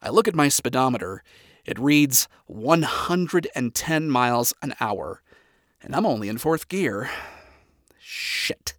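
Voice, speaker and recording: A man reading a first-person story aloud, with sarcastic, profane, deadpan asides. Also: medium pitch, unhurried, no echo, clean studio sound. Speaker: story reader.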